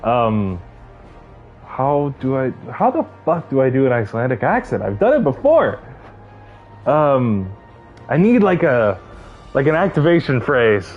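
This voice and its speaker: A man's voice: medium pitch, sing-song, measured pace, long pauses, phone-quality sound, faint music behind. A man streaming a video game, reading its dialogue aloud and chatting casually with his viewers. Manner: reads game dialogue aloud and banters with chat.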